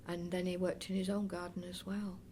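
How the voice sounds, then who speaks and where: Older woman, chatty and lowish. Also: flat delivery, a little fast, dark tone, slight background noise. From North East Derbyshire area of England. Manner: chatty and rambling, with frequent restarts and fond asides. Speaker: oral history interviewee. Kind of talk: reminiscing in a recorded interview.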